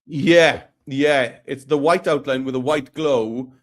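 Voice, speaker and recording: A man's voice: mid-range voice, slow. A man co-presenting a live tutorial, chatting casually and teasing his co-host. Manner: playful, teasing banter.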